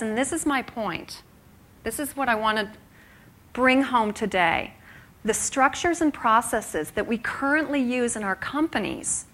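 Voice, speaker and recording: Lively, bright-voiced woman presenter. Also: fairly high pitch. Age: young adult. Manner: animated, rhetorical questions to the audience. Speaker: keynote speaker. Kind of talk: live presentation.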